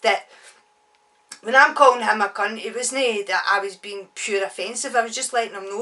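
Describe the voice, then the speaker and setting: A woman's voice: mid-range voice, moderate pace, pushed and bright, far from the mic. A Glaswegian woman in her forties, an author chatting bluntly and swearing freely as she tells a story in a casual vlog.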